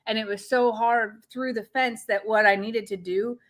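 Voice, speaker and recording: A woman's voice: on the high side, fairly even intonation, moderate pace. A woman co-hosting a casual chat and telling stories expressively. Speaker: co-host.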